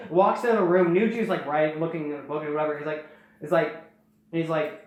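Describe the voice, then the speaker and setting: A young man hosting, casually recapping a story in a rambling way and slipping into quick snippets of character dialogue. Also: fairly high pitch. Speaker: host. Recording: very echoey room.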